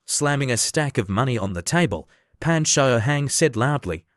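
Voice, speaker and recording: A man narrating a scripted story recap in an even, steady reading. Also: medium pitch, normal speed, few pauses, dry recording, studio quality.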